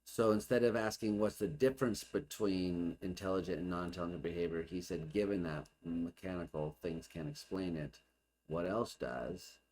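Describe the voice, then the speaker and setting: A man's voice: sits low, normal speed, darkish tone. A man hosting a casual reaction, thinking aloud and puzzling over what he hears. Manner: muses aloud, questioning and puzzling over points. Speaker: host reacting to an archive video.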